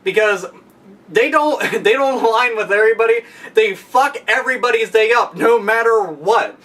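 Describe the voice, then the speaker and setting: A man ranting casually and profanely, excitable, often breaking into loud shouted impressions. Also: sits high, normal speed, recorded from a distance. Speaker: podcast guest.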